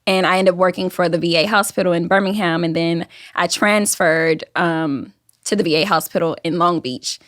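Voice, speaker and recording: A woman in her thirties from Alabama with a softened Southern accent, a guest telling her story in a casual interview, acting out the voices of people she quotes. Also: lowish voice, fairly even intonation, normal speed, no echo, clean studio sound. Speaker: guest, YouTube creator.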